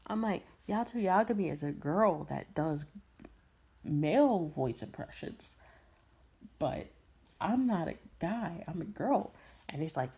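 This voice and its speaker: A young woman from Brooklyn, telling a personal story in a loose, rambling way. Her voice sits a little on the low side. She circles back, repeats phrases and peppers it all with slang. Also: animated, slow, pauses often, warm tone, breathy edge. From Brooklyn, New York. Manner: rambling, repeats herself, frequent laughs and slang. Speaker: voice impression creator. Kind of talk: casual storytelling.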